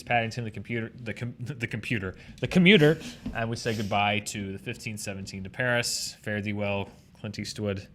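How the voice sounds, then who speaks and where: A male host runs through the box office chart in a casual, chatty way. He moves quickly through figures and tosses in quick asides. His voice sits at an ordinary middle pitch. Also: pushed and bright, a little hiss or hum. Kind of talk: casual chart rundown chat.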